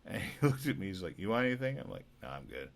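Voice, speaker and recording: Rambling drunk man with a gravelly voice. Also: low voice, sing-song, quick pace. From Alberta, Canada. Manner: rambling, profane, laughing asides. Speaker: podcast host.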